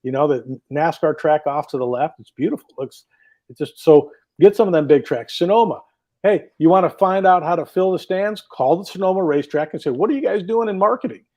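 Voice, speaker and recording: A drag racing driver appears as a guest on a casual talk show, joining over a video call. His voice is fairly high, brisk and warm, and he tells stories in an enthusiastic, rambling way.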